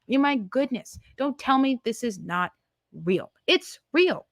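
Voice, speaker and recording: A woman's voice: on the high side, expressive, measured pace, no echo. A woman in her twenties hosting a podcast, giving a heated, emphatic political monologue full of rhetorical questions. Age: 20s. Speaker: podcast host.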